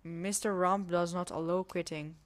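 Lady doing a nervous game maid, put-on spanish accent, broken careful english, sits a bit low. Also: fairly even intonation, moderate pace, lightly acted. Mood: worried. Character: harried adult female housemaid, worried and cautious. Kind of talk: reading a visual novel game aloud.

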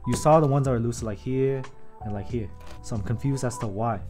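A keyboard builder streamer gives casual livestream commentary as he builds, excitable and quick to swear, joking with his chat between tasks. His voice sits at an ordinary middle pitch, with soft music playing faintly behind him.

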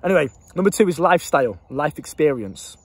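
A man's voice: fairly high pitch, expressive, fast talker, slightly rough, no room sound. A young man giving blunt dating advice straight to camera, swearing freely and laughing at himself. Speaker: dating coach. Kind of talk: casual advice monologue to camera.

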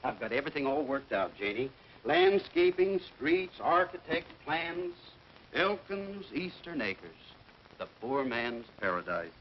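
A man's voice: mid-range voice, wildly swooping pitch, a little slow. An actor playing a stubborn middle-aged family man who blusters and fusses in comic exasperation, in a 1940s film. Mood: eager. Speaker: father and husband. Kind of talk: 1940s film comedy acting. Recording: dull 1940s film soundtrack with faint hiss.

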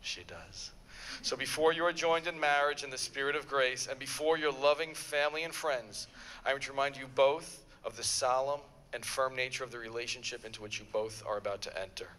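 A man's voice: medium pitch, steady tone, fairly quick, pushed and bright, in a large hall, rough recording. A man officiating a wedding ceremony in a formal, solemn manner and leading a prayer.

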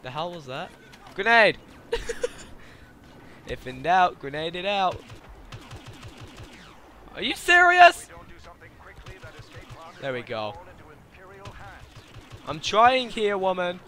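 A young man talks over his gameplay into a desk mic, his voice bright and bouncing all over the place. He laughs often and shouts at the game, and a faint hiss of room noise sits behind him. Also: high voice, expressive, slow, pauses often. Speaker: gaming YouTuber. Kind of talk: gameplay commentary.

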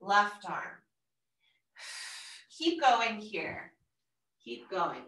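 Calm woman coaching a workout, roomy. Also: mid-range voice, drawn-out words. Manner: calm, encouraging cueing with audible exertion breaths. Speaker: fitness instructor. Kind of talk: guided workout instruction. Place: room at home, exercising on the floor. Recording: roomy, distant from the mic.

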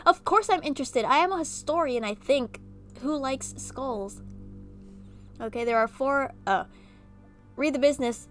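A woman with a somewhat high voice reads an interactive horror story game aloud. She often breaks into lively, chatty asides. Soft music plays faintly behind her. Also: measured pace, pauses often. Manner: animated, chatty asides between narration. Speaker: gaming video creator.

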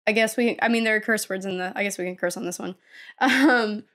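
A woman's voice: medium pitch, a little fast, fairly bright tone. A woman chatting casually as a podcast co-host and writer, rambling with lots of fillers and restarts. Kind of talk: casual chat.

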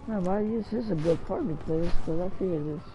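Excitable young male gamer. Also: sits high, brisk, dull audio, noisy background. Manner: excitable, mild swearing, talks to himself. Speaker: gaming channel host. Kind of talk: live gameplay commentary.

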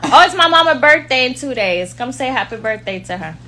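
A woman's voice: sits high, animated, brisk, bright, forceful tone, a little hiss or hum. A woman with a Jamaican accent chatting casually to viewers, blunt, outspoken and playful. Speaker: vlogger talking to viewers. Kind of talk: casual chat.

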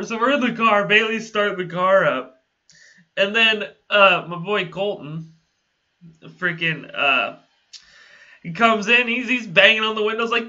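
A man's voice: high-pitched, lively intonation, moderate pace, bright, forceful tone, dull audio. A young man telling a casual story to his channel, rambling, laughing often and swearing freely. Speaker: vlogger.

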